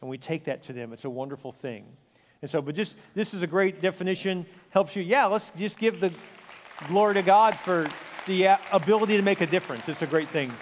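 High-voiced preacher in an echoing church. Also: male voice, brisk, a faint crowd. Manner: earnest storytelling preacher, emphatic. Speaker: pastor. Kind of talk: sermon.

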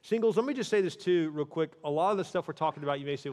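A man's voice: fairly high pitch, lively intonation, rapid-fire, a little mellow. Man preaching in a big hall. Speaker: pastor. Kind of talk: sermon.

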